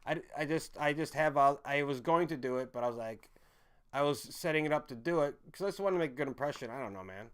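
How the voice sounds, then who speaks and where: A man's voice: fairly high pitch, expressive, fast, clear, resonant tone. Rambling apologetic young man streamer. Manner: rambling, repeats himself, apologetic. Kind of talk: casual rambling chat.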